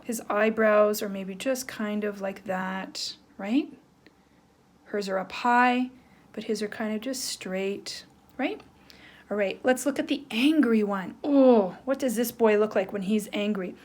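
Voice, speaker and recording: A woman teacher giving a playful, animated lesson to young children, checking in with "right?" as she draws. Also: mid-range voice, a little slow. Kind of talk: children's lesson, drawing along.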